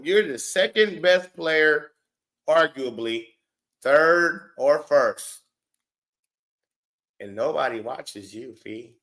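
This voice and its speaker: A man's voice: mid-range voice, fairly bright tone. Blunt, mocking man ranting at a clip. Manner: blunt, mocking, profane, talks back at a clip. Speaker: show host reacting to clips. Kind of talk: heated reaction commentary.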